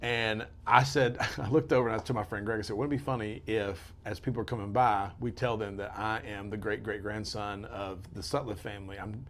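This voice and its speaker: A man hosting a casual interview podcast, telling a story with lively voices and a drawl. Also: fairly low pitch, fairly quick, hardly any pauses. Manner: animated storyteller, drawls y'all. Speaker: podcast host.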